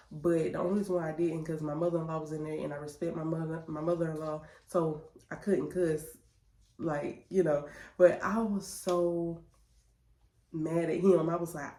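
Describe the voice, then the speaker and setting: Lady vlogging, mellow voice, chatty and lively, kinda echoey room. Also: fairly low pitch. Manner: chatty, animated, addresses viewers as y'all. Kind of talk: casual storytelling vlog. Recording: roomy echo.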